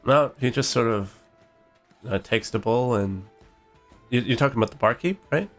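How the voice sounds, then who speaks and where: A man acting as game master, describing what characters do in a relaxed way. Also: medium pitch, moderate pace, faint music behind.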